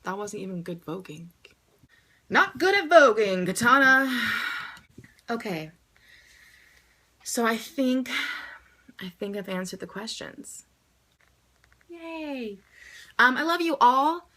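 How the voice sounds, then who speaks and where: Speaking slowly with long pauses, a young woman vlogs to her viewers in a slightly high, animated voice that sounds pushed and bright. She answers their questions emotionally, curses freely, and encourages them to love themselves.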